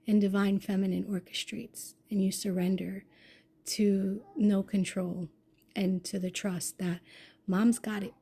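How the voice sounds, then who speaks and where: A woman's voice: medium pitch, slightly rough. Intense, swearing woman telling a story. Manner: intense, swearing, swings from hushed to loud outbursts. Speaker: vlogger. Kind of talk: emotional personal storytelling.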